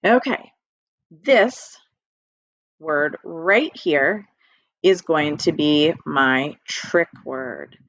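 Slow, patient woman teaching young kids. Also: deep voice, a bit bright, no room sound. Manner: slow, patient, encouraging, speaks directly to students. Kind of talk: recorded early-reading lesson for young children. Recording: dry, slightly dull lo-fi audio.

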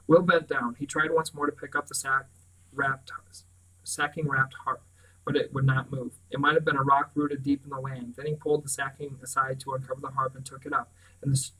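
A man reading a fantasy novel aloud, steady with small slips and restarts. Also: mid-range voice, brisk, distant mic, low-quality recording. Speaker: reader.

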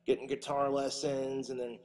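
A man's voice: mid-range voice, flat delivery, normal speed, darkish tone, long reverb tail. A man doing a crude, profane stand-up comedy routine, ranting and putting on little voices.

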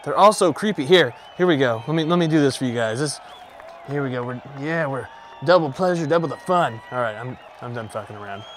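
A young man giving casual, excitable commentary as he plays a VR game, joking, swearing and yelling at the game. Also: mid-range voice, fairly quick, a faint crowd, slight background noise. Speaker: gaming YouTuber.

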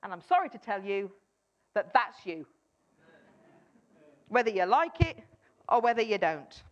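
A woman's voice: medium pitch, highs cut off. A woman preaching a sermon, emphatic, often repeating her key phrases and acting out a doubter's replies.

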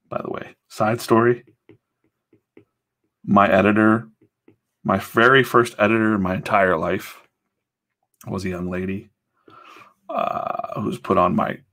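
Man, low gravelly voice, casual rambling chat, swears, acts out quotes. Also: fairly even intonation, a little slow, long pauses, a bit bright. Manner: loose storytelling with swearing and acted-out quotes. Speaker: comic artist streaming his drawing session.

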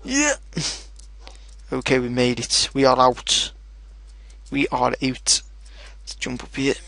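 A young man with a gravelly, creaky voice talking through his gameplay at an unhurried pace. He is excitable and swears freely, and often shouts at his pets in the game. The sound is close and dry. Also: mid-range voice, no echo. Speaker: gaming video host. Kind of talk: casual let's play commentary.

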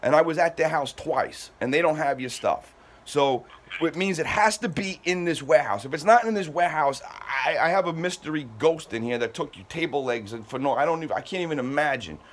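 A man's voice: on the high side, expressive, a little fast. A man who owns a moving company, talking on a heated phone call in an exasperated, defensive way, stammering and repeating himself.

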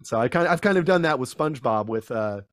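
A man, a guest actor, chatting casually in an interview and acting out quotes with lively voices. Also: medium pitch, quick pace, dry recording, studio quality. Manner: animated storyteller, acts out quotes in voices.

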